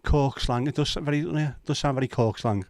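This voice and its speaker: A man's voice: medium pitch, brisk, a little mellow, dry recording, clean studio sound. A man hosting a casual livestream chat, joking and teasing his viewers in loose banter. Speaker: livestream host.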